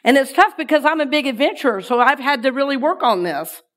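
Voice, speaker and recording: Woman preaching with a playful, lively delivery. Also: sits high, quick pace. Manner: lively and playful, has listeners repeat lines. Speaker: minister. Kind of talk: sermon to a congregation.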